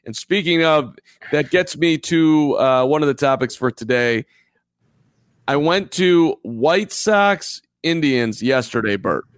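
A man's voice: fairly high pitch, expressive, takes it slowly, no room sound. A man co-hosting a live baseball podcast, telling stories in a rambling way and repeating himself. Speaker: podcast co-host. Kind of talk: casual live podcast chat.

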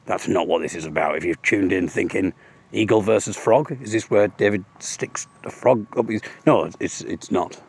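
Low-voiced man rambling on a walk. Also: normal speed, vocal fry, slightly rough. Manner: chatty, self-mocking, jokey asides. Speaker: audio blogger. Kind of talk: rambling comic monologue on a walk. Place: outdoors walking along a road.

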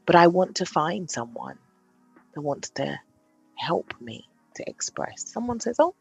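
Gravelly, husky woman podcasting. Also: lowish voice, a little slow, faint music behind. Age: 30s. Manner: animated, swings from brash self-hype to quiet confession. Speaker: podcast host. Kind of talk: candid solo podcast monologue.

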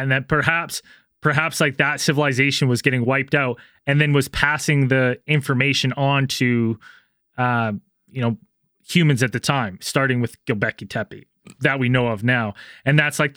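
A man's voice: mid-range voice, fairly even intonation, normal speed, fairly bright tone, no echo, clean studio sound. A man in a casual podcast chat, retelling ideas he heard with lots of fillers. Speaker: podcast co-host.

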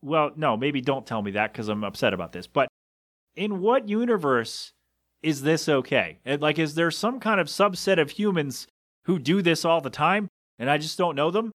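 Podcast guy going off in disbelief, kinda high voice, dry close mic, bit of a cough. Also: animated, normal speed, a bit bright, no room sound. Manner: exasperated, incredulous ranting with rhetorical questions. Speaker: podcast host. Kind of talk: solo podcast rambling.

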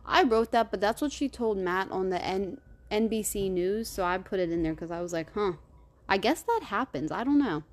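A woman hosts a true crime podcast and walks through the case in a loose, conversational way. She keeps it lively, swears freely and slips into the voices of the people she quotes. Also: mid-range voice, moderate pace. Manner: animated, profane, retells quotes in character. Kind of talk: casual true crime storytelling.

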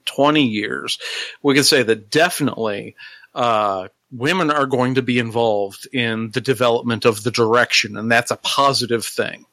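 A man's voice: mid-range voice, sharp tone, dry recording. A middle-aged man co-hosting a casual podcast, leading the wrap-up and reading out contact details. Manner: wraps up the show and reads out contact details. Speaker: podcast co-host.

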